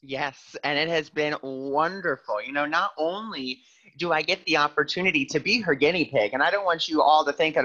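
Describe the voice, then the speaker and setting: Bright, animated man telling stories. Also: fairly high pitch, moderate pace, highs cut off. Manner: animated storyteller who acts out quoted voices. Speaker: guest, spiritual coach. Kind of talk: casual podcast conversation.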